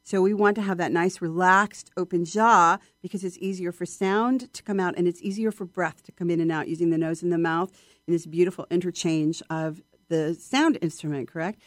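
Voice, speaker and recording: A woman voice coach chatting in an interview, lively and expressive, often acting out her students. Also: on the low side, brisk, no room sound, studio quality. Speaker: voice coach guest. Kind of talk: casual interview chat.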